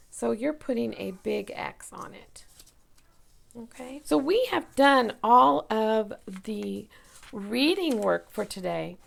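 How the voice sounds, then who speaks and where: Slow, gravelly-voiced woman teacher. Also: a little high. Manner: slow, patient, stretches out sounds and words. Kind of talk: remote classroom lesson for young children.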